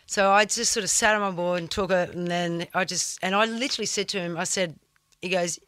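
A woman's voice: on the low side, fairly even intonation, fairly quick, fairly bright tone, no echo. Blunt woman telling stories. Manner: vivid, blunt storyteller who swears freely. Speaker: guest, surfer. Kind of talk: casual podcast storytelling.

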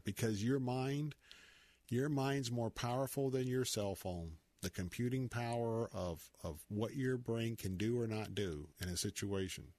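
A man's voice: mid-range voice, unhurried, darkish tone, no room sound. A man with a Southern accent hosting a Christian talk radio show, speaking in a folksy, preachy, conversational way.

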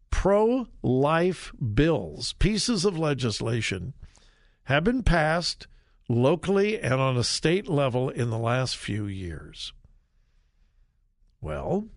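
A man hosting a talk radio show, delivering an opinion monologue deliberately and with emphasis on key words. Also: medium pitch, no echo, studio quality.

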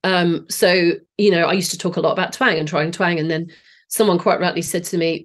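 Her voice on the low side and steady in tone, a late-forties singing teacher from Southeast England speaks a little fast as a podcast interview guest. She has a Southeast English accent and explains her ideas eagerly, often starting sentences over. Her voice sounds a bit off today.

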